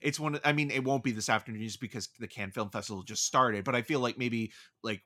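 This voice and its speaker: A man's voice: mid-range voice, fast, bright, forceful tone. A man co-hosting a casual film podcast, rambling and hedging with frequent "like" and "I mean". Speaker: podcast co-host discussing films.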